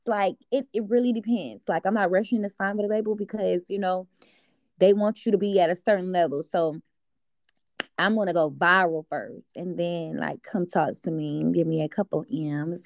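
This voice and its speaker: A woman's voice: fairly low pitch, normal speed, vocal fry, a little mellow, no echo. A young woman being interviewed as an artist, chatting in a casual, easygoing way and laughing now and then. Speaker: guest artist.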